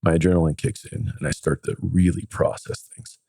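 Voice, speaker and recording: Low-voiced man telling a story. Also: fairly even intonation, brisk, creaky, mellow, husky, no echo. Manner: laid-back, acts out others' lines in quotes. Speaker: podcast guest. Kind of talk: casual storytelling.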